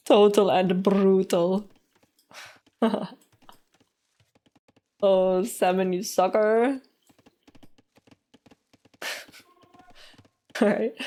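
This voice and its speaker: A woman casting a strategy game live on stream, playful and teasing, with frequent giggles. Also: medium pitch.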